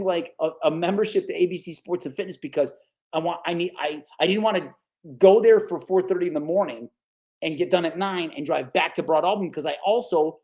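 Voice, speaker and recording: Speaking with a voice on the high side, an animated sportscaster in his forties from the Capital Region of New York tells stories as a podcast guest in a laid-back interview. He acts out the voices of people he quotes and says "dude" and "right?" again and again.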